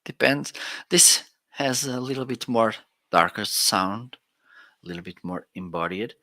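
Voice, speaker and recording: A man with a lowish, bright and forceful voice runs a casual live product stream. He speaks slowly and chats as he swaps between studio microphones. The sound is dry and close, with no room echo. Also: expressive. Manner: chatty, tests gear aloud with counting and laughs. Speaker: product reviewer hosting a live shopping stream. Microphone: swapping between studio microphones.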